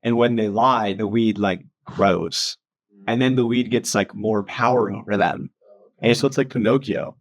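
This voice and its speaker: A man leading a casual Bible study, chatty and quick to laugh, filling his talk with "um" and "like". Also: on the low side, lo-fi sound. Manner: chatty, laughs often, many fillers like "um" and "like".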